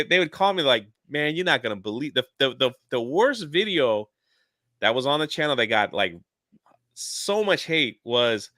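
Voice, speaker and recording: A man on a livestream telling a long story in an animated, chatty way, jumping in and out of quotes. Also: mid-range voice, no echo, clean studio sound. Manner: animated, jumps into quoted voices. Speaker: YouTuber guest. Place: lives near a theme park in Florida.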